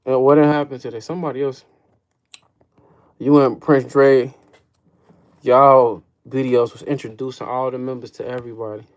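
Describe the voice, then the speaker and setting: A man's voice: medium pitch, little pitch movement, moderate pace, long pauses. Slangy man chatting on a livestream. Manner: slangy, profane, calls everyone folks; loose, rambling, answers chat questions. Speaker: livestream host. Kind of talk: casual livestream chat.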